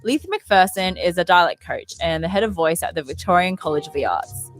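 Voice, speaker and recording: A woman narrating a news feature in a clear, measured, scripted way. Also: on the low side, animated, soft background music.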